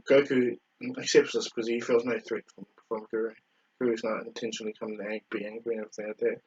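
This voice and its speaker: A man's voice: lowish voice, level tone, quick pace, husky, lo-fi sound. A man casually retelling a fan story, rambling with many fillers and self-corrections.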